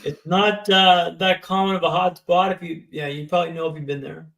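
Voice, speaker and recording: A man's voice: high-pitched, fairly even intonation, fairly quick, gravelly, fairly bright tone. A man in his thirties, a podcast guest telling his story in a vivid, dramatic way and often checking in with "right?". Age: 30s. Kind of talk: storytelling interview. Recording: echoey room.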